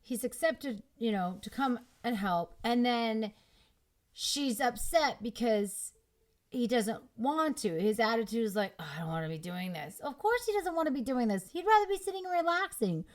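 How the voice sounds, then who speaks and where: A woman's voice: on the high side, animated, normal speed. A young adult woman giving opinionated, emphatic commentary while she explains a video clip. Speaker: relationship commentator.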